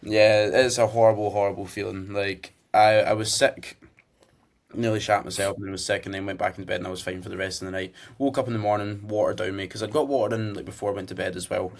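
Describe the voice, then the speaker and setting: Young Scottish guy, lowish voice, loose sweary podcast storyteller. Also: steady tone, fast, gravelly. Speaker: podcast co-host. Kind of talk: casual chat.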